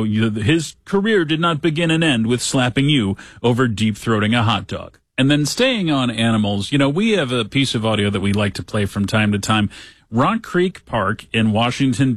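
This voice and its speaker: A man hosting a talk show, reading a news story aloud with sarcastic asides and lively quoting. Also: medium pitch, no echo. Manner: sarcastic, animated when quoting others. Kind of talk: casual commentary reading news.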